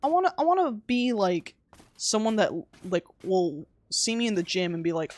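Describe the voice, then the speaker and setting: A woman's voice: mid-range voice, lively intonation, moderate pace. A young woman live-streaming a game, chatting casually and teasing her chat with frequent giggles.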